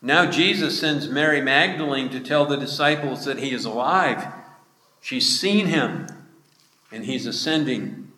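A man preaching a sermon, slowly retelling a scripture passage. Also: medium pitch, bright, forceful tone. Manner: slow, measured retelling of scripture with quoted speech. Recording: echoey hall with long reverb.

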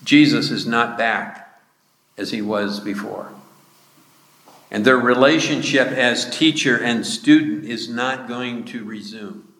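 A man preaching a sermon, slowly retelling a scripture passage. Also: medium pitch, a bit bright. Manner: slow, measured retelling of scripture with quoted speech. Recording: echoey hall with long reverb.

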